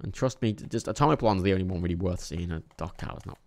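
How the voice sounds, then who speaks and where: A young man casually reviewing films, rambling, swearing often, with sudden animated bursts and a tired edge. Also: low voice, quick pace. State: a bit tired. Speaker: film reviewer. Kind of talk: casual monthly movie review vlog.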